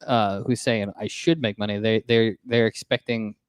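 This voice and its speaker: A man's voice: lowish voice, fairly even intonation, normal speed, smooth, no echo, clean studio sound. A man co-hosting a home podcast, chatting casually with wry, agreeable asides. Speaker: podcast co-host. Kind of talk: casual chat.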